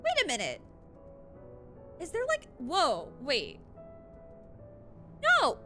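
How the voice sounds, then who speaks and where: A woman streaming a video game, chatting casually with giggles and animated reactions. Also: high voice, takes it slowly, soft background music.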